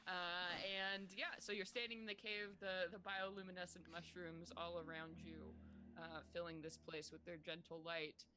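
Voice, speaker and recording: A woman narrating a tabletop role-playing game as game master, describing scenes in a relaxed way. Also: fairly low pitch, moderate pace, noisy background.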